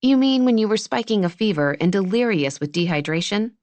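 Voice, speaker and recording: A woman reading a wry, deadpan woman doctor. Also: mid-range voice, a little fast, no echo, pitched above the performer's own voice, lightly acted. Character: young woman doctor, warm, wry, worried.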